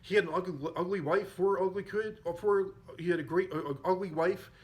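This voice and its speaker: A man's voice: sits high, a little fast, voice pushed up, lightly acted. A man doing a brash wisecracking comedian.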